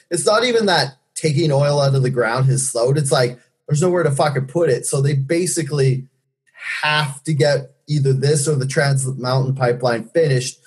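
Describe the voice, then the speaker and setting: A man's voice: mid-range voice, a little mellow, breathy edge. A man co-hosting a casual podcast chat, rambling and sarcastic, swearing freely. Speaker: podcast co-host.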